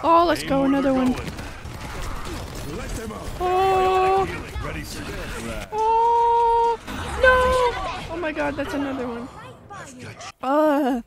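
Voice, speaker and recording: High-voiced young woman shrieking over gameplay. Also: very slow, long pauses, over a noisy crowd. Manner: loud, excitable reactions with frequent shrieks and repeated cries of "no". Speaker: gaming content creator. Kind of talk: gameplay commentary during a hot sauce challenge.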